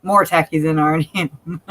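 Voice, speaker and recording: A woman's voice: mid-range voice, moderate pace, fairly bright tone, rough recording. A woman co-hosting a casual live-stream chat, hesitant and self-conscious, restarting her sentences. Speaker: co-host.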